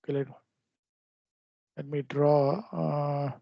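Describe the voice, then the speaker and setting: A man teaching a trading lesson over a screen share, explaining in a halting way with frequent restarts. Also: fairly high pitch, little pitch movement, vocal fry, no echo. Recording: dull lo-fi dry recording.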